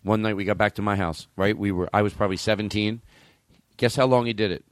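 A man hosting a podcast, telling rambling comic stories with loud outbursts and mumbled asides. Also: on the low side, quick pace, no echo. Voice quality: animated, swings between loud outbursts and mumbles. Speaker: podcast host. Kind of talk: rambling comedic storytelling.

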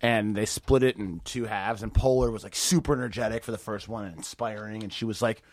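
A man's voice: fairly low pitch, fairly quick, no room sound. A man in his thirties telling stories in casual podcast chat, laughing often and swearing freely. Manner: lively storytelling with frequent laughs and swearing. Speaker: comedian guest.

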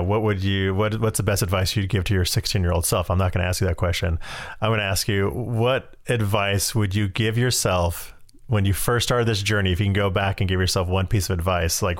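This is a man hosting a casual podcast interview, with a very deep voice. He rambles and restarts his questions before he lands on them. His voice is recorded close and dry, with no room sound. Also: no echo. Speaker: podcast host.

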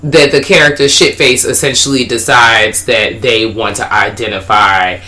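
Wry man podcast co-host, bright tone. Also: mid-range voice, fairly even intonation, moderate pace. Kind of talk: casual movie discussion.

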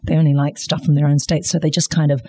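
A woman's voice: sits low, level tone, fast, warm tone, a little hiss or hum. A middle-aged woman guest chatting casually and telling stories with earthy slang on a podcast. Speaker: guest actress.

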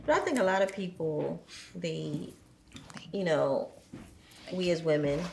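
A low-pitched woman with a gravelly edge talks thoughtfully. Faint background noise sits under her voice. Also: unhurried, a little mellow, roomy sound. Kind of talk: casual conversation.

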